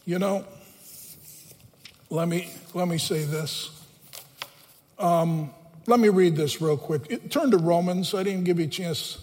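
A man's voice: high voice, a little slow, pauses often, a little mellow. A man preaching a sermon as a pastor, emphatic and repeating phrases for stress. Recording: long reverb of a large hall.

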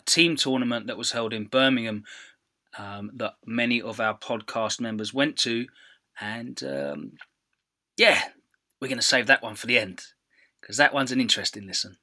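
A man hosting a podcast, giving a relaxed solo intro with many fillers. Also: mid-range voice. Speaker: podcast host.

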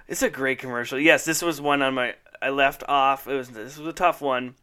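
A man's voice: mid-range voice, moderate pace, clear, resonant tone. Upbeat, laughing Midwestern man chatting. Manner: laughs often, rambling, excitable. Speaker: podcast co-host. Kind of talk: casual chat about old commercials.

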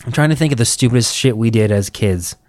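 Profane animated male storyteller, dry sound. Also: mid-range voice, fast, no echo. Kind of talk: casual chat.

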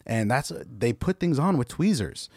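A man chatting casually on a podcast, telling restaurant stories fast and acting out the people he quotes in a raised voice. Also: mid-range voice, animated, a little mellow, husky, no echo, studio quality. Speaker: podcast guest, former restaurant server. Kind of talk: casual podcast chat, storytelling.

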